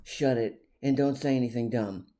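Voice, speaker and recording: A man's voice: mid-range voice, normal speed, warm tone, close to an everyday voice. A man voicing a bossy female Clydesdale draft horse in a read-aloud storybook. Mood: snappish.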